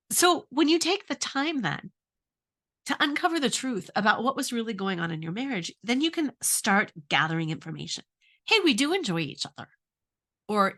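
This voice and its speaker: A middle-aged woman with a fairly high, fairly bright voice talks about relationships as a coach. Earnest and inquisitive, she asks many questions and shares a story from her life.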